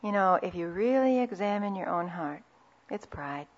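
A woman giving a conversational Christian talk on marriage, telling anecdotes and dropping into soft asides. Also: medium pitch, lively intonation, moderate pace. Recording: dull lo-fi recording.

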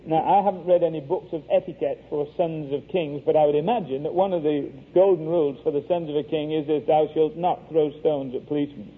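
Male preacher, earnest and wry, a bit high and husky, tinny radio broadcast sound. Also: fairly even intonation, fast, few pauses, slight background noise. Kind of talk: sermon with storytelling.

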